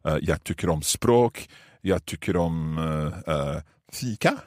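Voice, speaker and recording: A man hosting a podcast language lesson, asking questions and repeating phrases slowly in casual chat. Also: a bass voice, animated, darkish tone, no echo, clean studio sound. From Scotland. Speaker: podcast host and learner.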